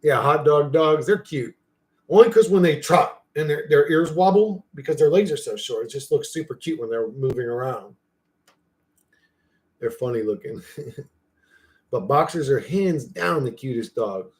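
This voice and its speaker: This young livestream host has an expressive voice at a moderate pace. He rambles, curses freely and replies to chat, switching to a high, playful voice when addressing his dog.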